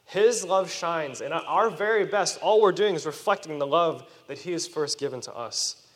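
A man preaching a sermon to children, animated and asking his listeners questions. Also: a little high, moderate pace. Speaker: youth preacher. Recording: long reverb of a hall.

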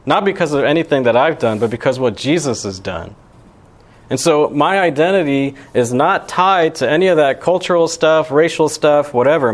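A young man giving a sermon as pastor, talking in a casual, conversational way with lots of "you know" and "right". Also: medium pitch. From Alabama.

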